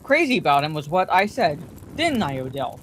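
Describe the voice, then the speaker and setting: A woman's voice: low-pitched, very animated, moderate pace, a little hiss or hum, low-quality recording. A woman voicing a gushing, gossipy middle-aged wife who chatters on, self-satisfied, in a bedtime story reading.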